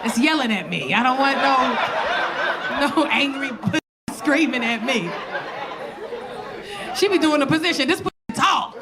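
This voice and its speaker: A woman's voice: sits high, moderate pace, long pauses. Brash, profane woman doing stand-up. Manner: brash, profane, animated storytelling. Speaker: stand-up comedian. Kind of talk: stand-up comedy set. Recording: live room with noisy crowd.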